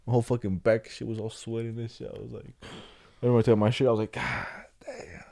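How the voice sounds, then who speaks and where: A man's voice: mid-range voice, level tone, creaky, dark tone, no room sound. Swearing young man, dry close sound. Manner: slangy, swearing, quick reactions. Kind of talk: casual chat between friends.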